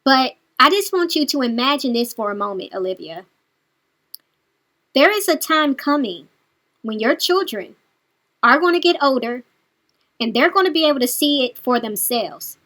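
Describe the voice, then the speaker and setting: A woman's voice: sits high, expressive, moderate pace, pauses often, pushed and bright. A woman giving a reaction commentary, speaking straight to the person she criticizes in a scolding, sarcastic way. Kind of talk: direct-address commentary.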